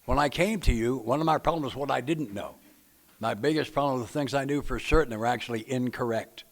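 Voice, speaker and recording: A man's voice: medium pitch, quick pace. A man from Tennessee, leading a recovery book study and talking to a group in a plainspoken, folksy way with jokes for the audience. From Nashville, Tennessee. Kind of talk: speaker-meeting talk to a group.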